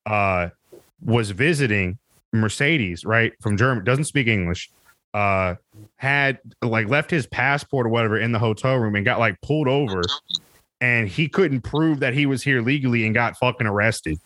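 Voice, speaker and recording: A man's voice: mid-range voice, moderate pace, fairly bright tone, dry recording. A man chatting casually on a podcast, rambling and swearing with lots of laughs. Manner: rambling, profane, laughs a lot. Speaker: podcast co-host or guest.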